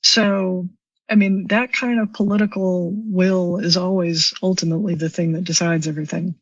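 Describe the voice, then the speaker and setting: A woman's voice: on the low side, flat delivery, moderate pace, dry recording. A woman guest on a podcast, explaining policy at length and in a thoughtful way. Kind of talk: explanatory interview talk. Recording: distant, slightly dull remote recording.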